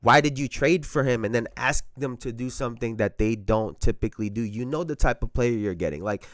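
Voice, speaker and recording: A man's voice: medium pitch, a little fast, a bit bright, no room sound, studio quality. A man hosting a casual basketball talk show, talking in a slangy, conversational way and often repeating phrases. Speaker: podcast host.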